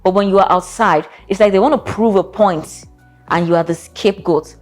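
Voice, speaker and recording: A woman's voice: medium pitch, normal speed, a little mellow, soft background music. A woman, a therapist giving casual relationship advice in a sassy, playful, direct way.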